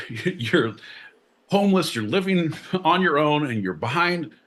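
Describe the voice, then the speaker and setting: A man co-hosting a live comedy podcast, ranting and swearing in a theatrical way. His voice is forceful and bright, and his pitch swings widely as he mocks lofty old verse. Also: animated, a little slow. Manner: profane, theatrical, mock-Shakespearean ranting. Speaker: podcast co-host. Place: live show venue.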